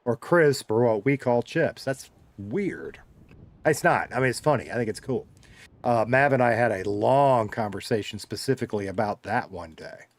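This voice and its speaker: A man's voice: mid-range voice, expressive, normal speed. Joking Southern man chatting with viewers. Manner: joking, rambling storyteller who slides his drawl heavier or lighter. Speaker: streamer reading chat. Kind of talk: casual chat with a live audience.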